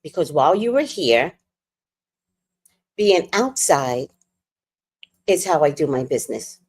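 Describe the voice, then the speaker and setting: A woman telling a storytime rant on her livestream, animated, worked up and swearing freely. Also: sits low, takes it slowly, breathy edge. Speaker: livestream host.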